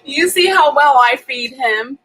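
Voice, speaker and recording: A woman's voice: sits high, lively intonation, measured pace, fairly bright tone, rough recording. A woman hosting a homestead channel, chatting casually on a live stream from her home kitchen and laughing often as she reads viewer comments.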